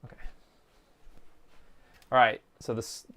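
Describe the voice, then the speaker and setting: A man works slowly through a soldering job on a live stream, muttering and thinking aloud in a quiet, offhand voice aimed half at himself and half at the chat. His casual commentary includes the occasional dry, jokey aside.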